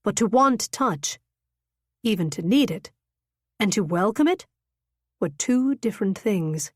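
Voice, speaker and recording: A woman narrates a romance audiobook with an expressive, dramatic reading style. Her voice sits at a middle pitch. The sound is dry and close to the mic. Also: a little slow, no echo. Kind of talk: scripted narration.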